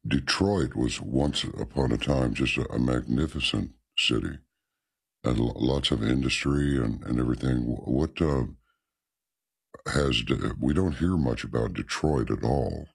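A man's voice: a bass voice, unhurried, gravelly, breathy edge. A man hosting a call-in radio show, giving the caller brief, attentive prompts and questions. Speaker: radio host.

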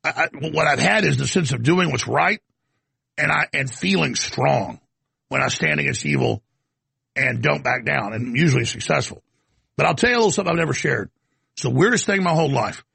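A show host delivers an off-the-cuff commentary monologue, rambling with stammered restarts and coughing now and then from an irritated throat. His voice is a little high and a little fast, animated, husky, pushed and bright, with vocal fry and no room sound.

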